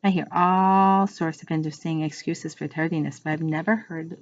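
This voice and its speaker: A woman's voice: sits low, steady tone, normal speed. A woman reading aloud gives voice to a kind, patient grown woman schoolteacher in a storybook. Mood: amused. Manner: kind, patient, gently amused. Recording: muffled lo-fi recording.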